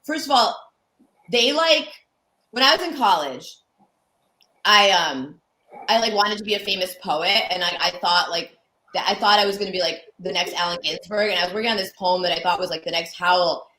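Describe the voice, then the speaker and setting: Young woman from Connecticut, comic guest, bright tone, chatty storyteller, roomy echo. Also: lowish voice, normal speed, slight background noise. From Connecticut, USA. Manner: chatty, peppered with "like", acts out quoted lines. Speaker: guest comedian. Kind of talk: candid storytelling interview.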